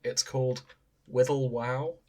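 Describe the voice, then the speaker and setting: A podcast co-host reads out fanfiction details in loose, casual chat. The delivery is enthusiastic, with frequent giggling and playful banter, at an everyday middle pitch. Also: steady tone, measured pace, dark tone.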